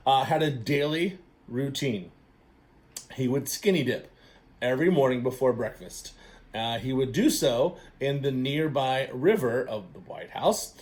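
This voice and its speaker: A man's voice: mid-range voice, animated, normal speed, darkish tone. A man hosting a casual trivia quiz to camera, upbeat and encouraging, with plenty of fillers and self-corrections. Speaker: trivia show host.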